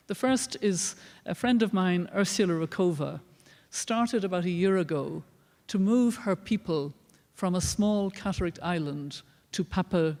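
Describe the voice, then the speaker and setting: An older woman with an Irish accent, giving an earnest, measured public lecture as a guest speaker. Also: lowish voice, darkish tone. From Ireland. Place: large lecture hall. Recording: long reverb of a large hall.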